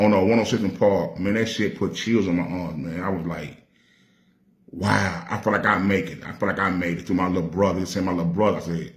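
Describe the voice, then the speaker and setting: A Nashville man with a Southern accent, a rapper spinning a story from his past. His voice sits low, and he talks loose and streetwise, swearing freely. The sound bounces around an echoey room. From Nashville, Tennessee. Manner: streetwise, profane, acts out quoted voices. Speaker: rapper telling stories. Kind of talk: casual storytelling.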